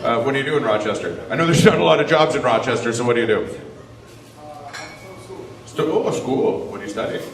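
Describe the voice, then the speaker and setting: A man doing live stand-up, teasing the audience with quick, mocking banter. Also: medium pitch, expressive, far from the mic. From Canada. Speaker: stand-up comedian. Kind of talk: live stand-up crowd work. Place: comedy club stage. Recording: echoey live club with crowd noise. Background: audience laughter.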